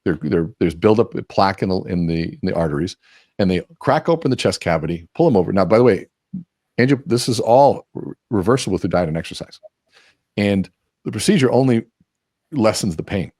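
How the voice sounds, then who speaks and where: A man's voice: low-pitched, animated, a little fast, a little mellow, no room sound, studio quality. A man as the guest expert on a podcast interview, talking energetically, acting out quoted dialogue and restarting often. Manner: frequent restarts.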